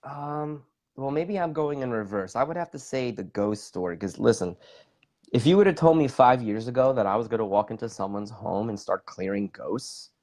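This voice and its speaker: A man's voice: medium pitch, moderate pace, darkish tone. A middle-aged man, a bodywork practitioner, telling an enthusiastic story in an interview with many fillers. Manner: enthusiastic, talks with his hands, lots of fillers. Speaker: guest, bodywork practitioner and facilitator.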